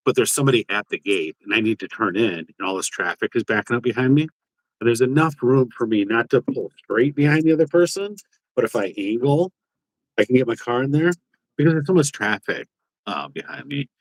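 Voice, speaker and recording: A man's voice: mid-range voice, expressive, fairly quick, no echo, rough recording. A man co-hosting a podcast, telling a rambling story in casual chat, with many fillers and some swearing. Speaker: podcast co-host.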